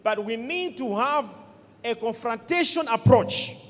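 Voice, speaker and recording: Male preacher, high and very lively pitch, emphatic and repetitive, long reverb of a hall. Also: measured pace. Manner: emphatic, repeats key words, calls for responses. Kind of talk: sermon.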